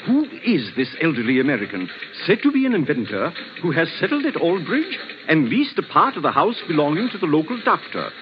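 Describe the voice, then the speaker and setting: An actor in a 1940s radio drama playing an excitable news announcer, dramatic and sensational. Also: male voice, on the high side, brisk. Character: excitable newsreel-style announcer. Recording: dull old radio recording with hiss.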